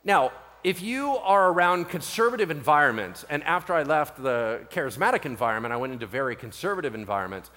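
A man preaching a sermon as pastor, animated and conversational, often acting out what people say. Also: a little high, fairly quick, in a large hall. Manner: animated, conversational, acts out quoted voices.

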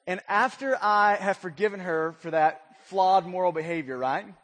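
A man with a notably high voice preaches a relaxed, joking sermon. He tells his story conversationally and keeps tossing "right?" to the congregation. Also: normal speed, hardly any pauses, a little hiss or hum. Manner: conversational storytelling with frequent "right?" check-ins. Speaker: pastor. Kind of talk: casual, humorous sermon.

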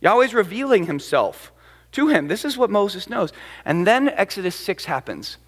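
A male pastor preaching a sermon, animated and emphatic as he retells the story. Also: high-pitched, normal speed. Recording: long hall reverb.

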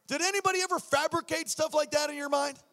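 A man preaching a sermon, telling his story with acted-out voices and shouts. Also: very high voice, fairly even intonation, fast talker. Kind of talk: sermon testimony.

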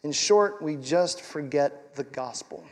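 A man's voice: fairly high pitch, lively intonation, slow pace, long reverb tail. A male pastor preaching a sermon in a conversational, emphatic way, with rhetorical questions and repeated words for stress.

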